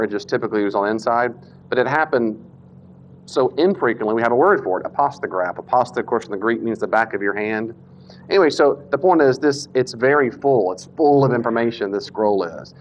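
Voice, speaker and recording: A man at a middle pitch gives a casual, animated Bible lecture, backing up to correct himself and slipping into the voices of the people he quotes. He speaks into a Bluetooth mic in a classroom or church hall. The recording is dull and lo-fi. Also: brisk, slight background noise. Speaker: Bible teacher. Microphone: Bluetooth mic that cuts out.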